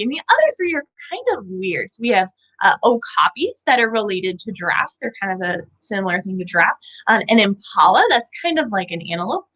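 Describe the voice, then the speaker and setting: A woman's voice: a little high, sharp tone, poor audio. A young woman hosting a children's animal show, talking playfully in a sing-song way with sound effects and questions to the kids. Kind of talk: educational talk for young children.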